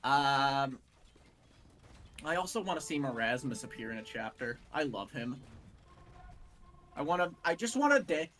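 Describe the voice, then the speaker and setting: Young male co-host, animated rambler, bright tone. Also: medium pitch, unhurried, long pauses. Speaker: podcast co-host. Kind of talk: casual chat.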